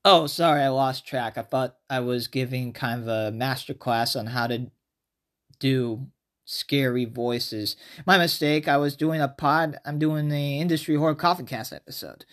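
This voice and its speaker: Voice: mid-range voice, normal speed. A podcast host chats through a movie review in a loose, unscripted way. Sentences ramble and restart as thoughts come. The delivery sounds informal and conversational. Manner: rambling, self-interrupting, chatty.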